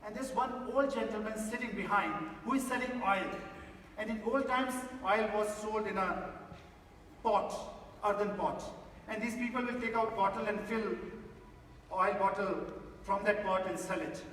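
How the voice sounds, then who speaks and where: Cast: high-pitched male motivational speaker, emphatic, theatre reverb. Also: moderate pace, a bit bright, distant mic, a little hiss or hum. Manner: emphatic, addresses the audience directly. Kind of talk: inspirational stage talk with a story. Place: large theatre stage. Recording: echoey theatre hall from afar.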